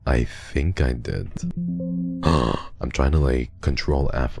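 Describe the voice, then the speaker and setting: A male streamer who is unwell, chatting casually on a livestream while reading donations, soft and drowsy in tone, often trailing off. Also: very deep voice, slow, creaky, faint music behind.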